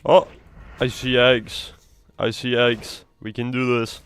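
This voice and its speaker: A man's voice: medium pitch, level tone, takes it slowly, smooth. A man streaming a video game live, chatting and rambling casually and swearing freely. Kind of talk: casual live gameplay commentary.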